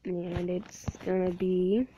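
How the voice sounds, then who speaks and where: Female gamer host, slow and rambling, chatting to herself over a dull lo-fi mic. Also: lowish voice, level tone, warm tone, a little hiss or hum. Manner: rambling, playful self-talk. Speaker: gameplay video host. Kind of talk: casual gameplay commentary.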